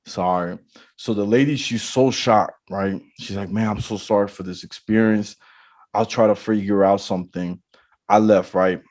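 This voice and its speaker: A man's voice: fairly low pitch, dry recording. A man, a podcast host, casually telling a long story and acting out the people in it. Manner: animated storyteller acting out dialogue.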